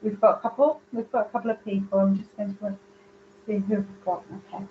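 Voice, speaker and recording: A woman's voice: medium pitch, steady tone, a little fast, narrow, tinny audio, slight background noise. A woman giving live psychic readings, chatty and rambling as she searches for words. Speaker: psychic medium.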